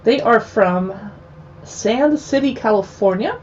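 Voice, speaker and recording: A chatty woman hosts a casual live video chat, her voice sitting a little high. She laughs easily and talks through mouthfuls as she tastes. The sound is dull and lo-fi, with a faint hiss behind her. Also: lively intonation, slow. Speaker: host.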